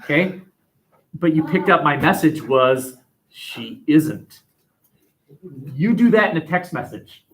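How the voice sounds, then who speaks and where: A man lecturing a sociology class, animated and acting out quoted voices. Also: fairly high pitch, normal speed, poor audio. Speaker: sociology teacher.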